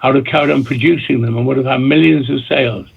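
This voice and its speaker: A man's voice: medium pitch, steady tone, fast. A man guest, a record producer and DJ, telling long rambling stories in an interview, repeating himself and restarting his sentences. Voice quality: gravelly and husky. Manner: talks in bursts, repeats himself, many restarts. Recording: tinny phone-line audio.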